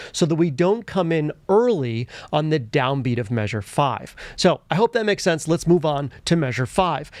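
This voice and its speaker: Guy explaining rhythm step by step like a music teacher, slightly high voice, dry close mic. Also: no room sound. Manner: methodical, explains step by step, marking up a score. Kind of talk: instructional music lesson.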